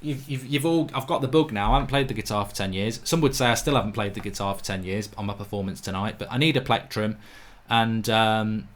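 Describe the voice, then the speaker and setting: A man hosting a live football watchalong stream, talking in a chatty, jokey, rambling way with lots of fillers. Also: on the low side. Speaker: football channel host. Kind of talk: live match watchalong chat. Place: home studio, with a guitar.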